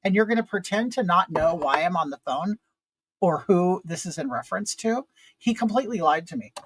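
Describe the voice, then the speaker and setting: A man's voice: high-pitched, animated, fairly quick, a bit bright, husky, no room sound, low-quality recording. A man hosting a casual chat, telling a frustrating story in an exasperated, rambling way with many fillers. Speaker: vlog host.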